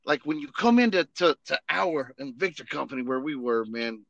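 A man's voice: fairly high pitch, animated, moderate pace, creaky, a bit bright, no room sound, lo-fi sound. A man, a podcast host and Army veteran, telling rambling, profane stories in a casual chat full of fillers.

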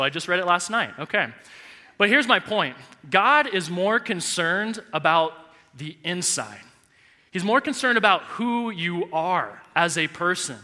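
A male pastor in his thirties preaching a sermon in a large church, telling a personal story with animated, heartfelt delivery. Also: sits high. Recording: echoey church hall reverb.

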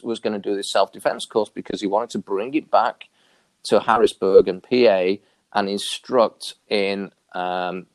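A man with a fairly low voice tells a personal story in a casual interview, swinging up high whenever he acts out what others said. The recording is dry and close, with no room sound. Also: no room sound. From New York area. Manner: animated, acts out quoted dialogue with big pitch jumps. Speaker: interview guest.

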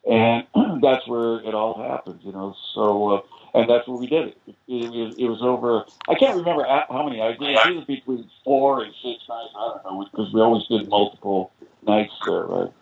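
A man's voice: mid-range voice, moderate pace, vocal fry, a little hiss or hum. An older American man telling long, rambling anecdotes as a guest in a podcast interview, with lots of "you know"s. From United States. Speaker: guest musician. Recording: tinny phone-line sound.

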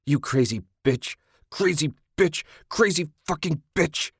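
A man voicing an enraged, violent man in a horror story, shouting through a brutal fight. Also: on the low side, steady tone, normal speed, no room sound, studio quality, close to an everyday voice. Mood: raging. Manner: raging, shouting.

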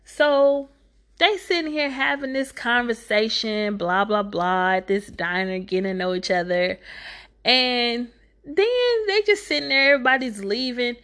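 A woman's voice: on the high side, measured pace, a bit bright. A woman giving a casual movie recap, sassy and exasperated, talking back to the filmmaker.

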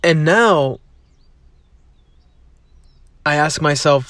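A man's voice: mid-range voice, takes it slowly, pauses often, a bit bright, no room sound. A young man hosting a casual solo podcast, rambling and swearing freely as he tells a story, recorded in a parked car. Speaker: podcast host.

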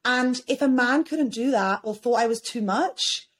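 A woman's voice: on the high side, measured pace, fairly bright tone, husky. A woman co-hosting a podcast in casual chat, talking in an earnest, emotional, open way. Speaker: podcast co-host.

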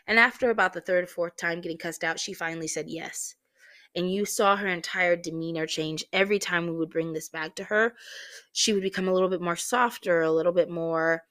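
A woman's voice: lowish voice, steady tone, normal speed, fairly bright tone. A woman hosting a podcast, telling a personal faith story in a heartfelt way, close to tears at times. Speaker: podcast host.

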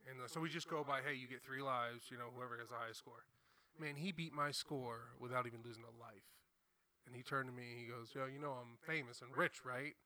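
Bright-voiced laid-back young man. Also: medium pitch, steady tone, quick pace. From New Jersey. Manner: laid-back, swearing, laughs often while telling stories. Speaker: comedian guest. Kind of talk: casual storytelling chat.

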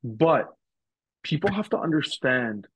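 A man's voice: on the high side, lively intonation, unhurried, husky, no room sound, rough recording. A man as a podcast guest on a video call, talking earnestly and thoughtfully in a casual, somewhat rambling way. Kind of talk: casual chat.

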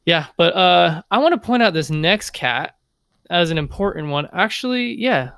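A man's voice: sits high, lively intonation, normal speed, a bit bright, smooth, no echo, clean studio sound. A man co-hosting a fantasy football podcast, casual and joking with playful asides. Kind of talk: casual sports chat.

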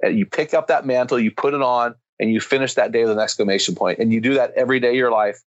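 A man's voice: mid-range voice, fast, dry recording, muffled recording. Fervent preaching man, dry sound. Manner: emphatic, builds to fervent climaxes. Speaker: guest speaker on men's ministry. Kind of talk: impassioned preaching-style storytelling.

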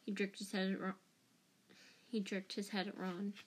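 A woman's voice: medium pitch, level tone, normal speed, slightly rough. A woman reading a fan audiobook aloud, unpolished and casual, restarting lines and commenting on her own slips. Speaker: audiobook reader.

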